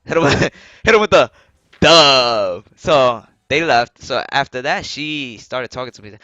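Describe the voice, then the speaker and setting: A man's voice: mid-range voice, normal speed, pushed and bright, clean tone, no room sound, muffled recording. A young man telling a story casually and profanely on a live stream, laughing as he goes. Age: young adult.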